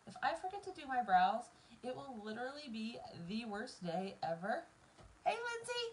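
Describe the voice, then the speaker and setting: A tearful woman in her thirties with a Southern American accent talks straight to her viewers while she does her makeup. Her fairly high voice swings widely in pitch, and a faint hiss sits under the recording. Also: big pitch swings, moderate pace, a little mellow, low-quality recording. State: tearful, near crying. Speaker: vlogger doing a live stream. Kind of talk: casual talk to camera while doing makeup.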